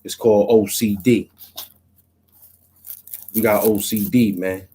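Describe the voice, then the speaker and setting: A man's voice: fairly low pitch, fairly even intonation, slow pace, warm tone, slight background noise, low-quality recording. A man, a rapper, talking in a loose, rambling monologue full of street slang and "you know what I'm saying", in a small cramped room.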